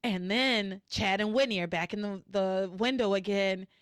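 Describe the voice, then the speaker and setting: A woman hosting a podcast in casual recap chat, animated and acting out characters in shrill voices. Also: moderate pace, clean tone, no echo, clean studio sound. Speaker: podcast host.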